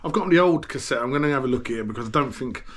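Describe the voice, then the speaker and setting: A man's voice: mid-range voice, lively intonation, rapid-fire. A man with a Cockney accent, chatting casually in a rambling, grumbling way while vlogging about cycling. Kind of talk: casual vlog chat.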